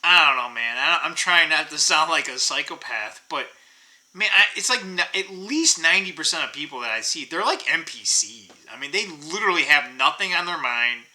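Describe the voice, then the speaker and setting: A man's voice: a little high, lively intonation, normal speed, pushed and bright, rough recording. A middle-aged man hosting his own channel, talking in a rambling, profane, casual rant full of fillers. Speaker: channel host.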